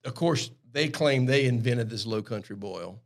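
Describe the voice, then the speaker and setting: A relaxed man with a thick South Carolina Lowcountry accent, talking as a podcast guest. His voice sits in an ordinary middle pitch, and he chats in an easygoing, agreeable way. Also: normal speed, gravelly. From South Carolina, USA. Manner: easygoing, agreeable, keeps saying "that's right". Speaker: guest, airline pilot. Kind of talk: casual podcast conversation.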